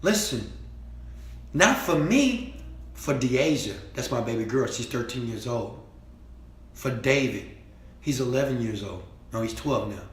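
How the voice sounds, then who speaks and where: A man giving a preachy motivational speech, repeating himself and swinging between quiet talk and shouting. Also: medium pitch, animated, a little slow, pauses often, reverberant. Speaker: motivational speaker.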